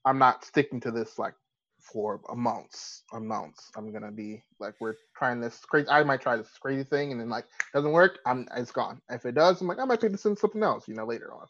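A man chats loosely on a podcast, circling his points with fillers and restarts. His pitch sits in an ordinary middle range. The recording is slightly dull and lo-fi. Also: a little fast, fairly bright tone. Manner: rambling, many fillers and restarts. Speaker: podcast co-host. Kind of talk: casual chat.

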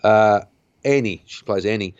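Retelling a movie's story for his podcast, this male host wanders along, full of fillers and false starts. His voice sits on the low side with a darkish tone and a moderate pace, recorded dry in dull lo-fi quality.

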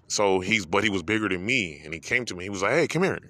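A man's voice: sits low, fast, pushed and bright, dry recording. A man hosting a podcast, talking through an emotional personal story in a heartfelt, rambling way that repeats phrases, holding back tears. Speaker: podcast host.

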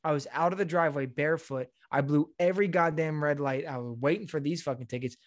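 Talking quickly in a fairly high voice, this young co-host spins a casual, swear-filled story on his podcast. The sound is clean studio audio without echo, and he animatedly acts out people's quotes.

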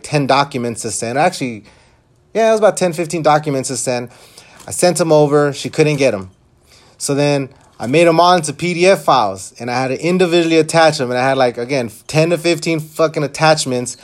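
A young man with a slightly higher voice rants in a rambling, frustrated way. He swears freely and piles on details as he goes. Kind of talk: casual vlog rant.

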